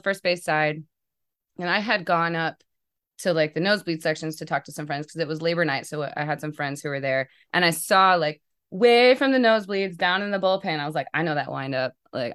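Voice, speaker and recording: A woman co-hosting a fan podcast, telling stories in a casual, animated way with frequent laughter. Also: fairly low pitch, smooth. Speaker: podcast co-host. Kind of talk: casual chat.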